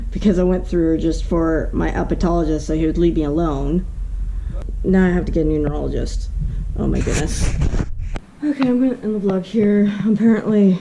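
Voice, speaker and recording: A woman's voice: fairly low pitch, moderate pace, creaky, warm tone, a little hiss or hum. A woman chatting candidly in a casual vlog, rambling and laughing between thoughts, filmed on a handheld camera. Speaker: vlogger.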